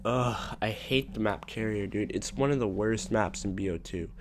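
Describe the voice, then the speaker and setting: A young man giving casual commentary over his own gameplay, excitable and trash-talking, swinging between low mumbles and sudden shouts. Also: moderate pace, slight background noise. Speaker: gaming channel host.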